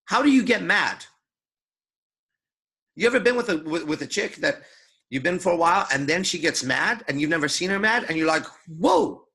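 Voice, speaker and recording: A man's voice: on the high side, animated, fairly quick, long pauses, sharp tone, husky. A man coaching seduction in a crude, emphatic lecture, swearing constantly and acting out his own thoughts. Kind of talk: profane motivational lecture.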